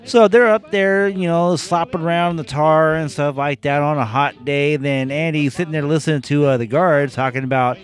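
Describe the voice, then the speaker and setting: Halting, filler-heavy podcast guest. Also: male voice, fairly high pitch, steady tone. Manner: hesitant, filler-heavy retelling. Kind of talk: casual movie chat.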